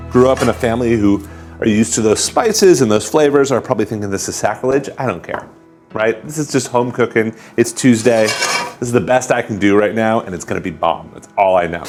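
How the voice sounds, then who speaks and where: A man walks through a recipe in a chatty, upbeat way, his pitch bouncing all over as he cooks. Music plays clearly behind his voice. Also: darkish tone. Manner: chatty, upbeat, talks while cooking. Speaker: cooking show host. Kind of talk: casual cooking demonstration.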